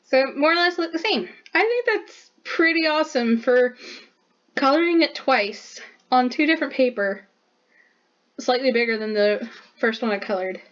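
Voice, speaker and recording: Bubbly woman artist rambling about her sketchbook, kinda high voice, muffled lo-fi sound. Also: lively intonation, normal speed. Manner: chatty, bubbly, many "like" fillers. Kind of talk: casual narration while drawing.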